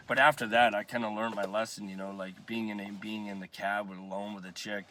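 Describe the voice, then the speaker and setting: A man's voice: mid-range voice, normal speed, a bit bright. A man, a cab driver, telling a story in casual, rambling talk, repeating "I'm like" as he goes, from inside his car. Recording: car and street noise behind.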